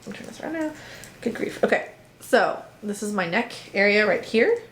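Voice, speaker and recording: A woman's voice: medium pitch, animated, moderate pace, slight background noise. Chatty woman hosting a crafting vlog. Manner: chatty, playful asides and jokes to viewers. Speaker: knitting podcast host. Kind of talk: casual show-and-tell chat.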